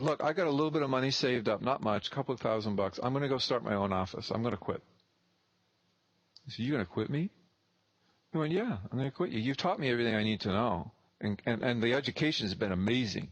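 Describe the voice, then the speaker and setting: A man's voice: medium pitch, dry recording. Blunt, profane man telling a story. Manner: blunt, profane, acts out both sides of the dialogue. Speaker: real estate investor and teacher. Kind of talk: casual storytelling.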